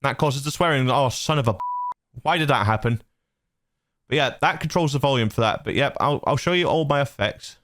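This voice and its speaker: A man's voice: mid-range voice, fairly quick, fairly bright tone. A man hosting his channel, explaining his recording setup in a loose, rambling way on a dynamic studio mic. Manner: loose and rambling, lots of fillers and restarts. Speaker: channel host. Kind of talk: casual tutorial walkthrough. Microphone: dynamic studio mic through a mixer.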